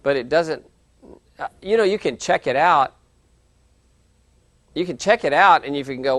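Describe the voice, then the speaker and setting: A man lecturing a university class in a conversational, animated way, acting out quoted reactions. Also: a little high, measured pace, long pauses, no room sound. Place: lecture hall, televised class.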